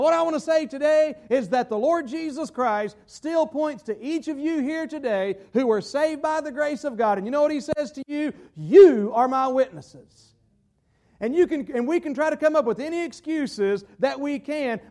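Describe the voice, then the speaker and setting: A male pastor preaching a sermon in a folksy, emphatic way, slowing down to stress key phrases. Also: very high-pitched, darkish tone.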